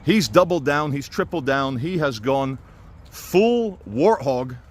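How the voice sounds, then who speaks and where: A man talking through his opinions in a casual, animated monologue to camera. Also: mid-range voice, moderate pace. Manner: conversational and animated, with quoted impressions. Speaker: video commentator.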